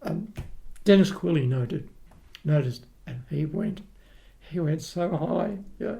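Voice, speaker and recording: A man's voice: fairly high pitch, expressive, takes it slowly, creaky, warm tone. An older man from Australia with an Australian accent, a guest telling rambling anecdotes with frequent restarts in a casual podcast chat. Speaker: guest, retired opera tenor.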